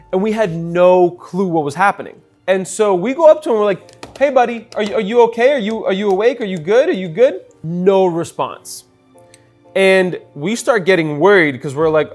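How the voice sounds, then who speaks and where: A young man, a bartender telling a story in a casual, animated way while making a cocktail. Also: fairly high pitch. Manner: chatty, animated storyteller with many fillers.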